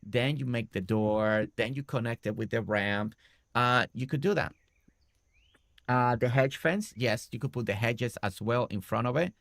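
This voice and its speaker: A man's voice: medium pitch, unhurried, vocal fry, fairly bright tone, no room sound. A man streaming a game, casually talking through a building tutorial step by step and often checking in with "right?".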